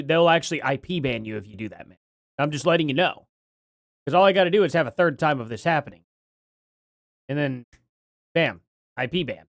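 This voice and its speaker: A man's voice: fairly high pitch, no echo, clean studio sound. A man hosting a casual live stream, rambling and thinking aloud as he reads names from chat.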